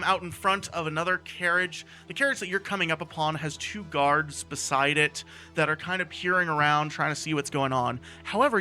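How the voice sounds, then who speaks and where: A man narrating as game master in a casual, halting way with many fillers. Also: a little high, bright, forceful tone.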